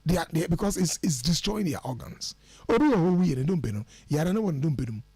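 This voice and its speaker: Talking fast with a breathy edge, this fairly high-voiced man is a radio studio guest. He mixes English phrases into energetic, preachy counsel about putting your life in order, and the recording is dry.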